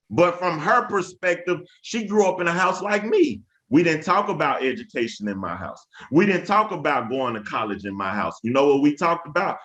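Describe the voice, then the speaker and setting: An emphatic man, speaking to teachers in a webinar. His voice sits a little high, and he tells stories like a preacher, repeating key phrases and calling out to the audience. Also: very animated, normal speed, fairly bright tone. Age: 30s. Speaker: education speaker. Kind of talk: webinar talk with storytelling.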